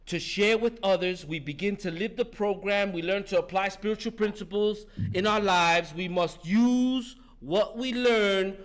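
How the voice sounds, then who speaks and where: A man's voice: high-pitched, unhurried, hardly any pauses. A man in his fifties giving a fervent, profane share at a recovery meeting, talking street-style and breaking in with "listen" again and again. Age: 50s.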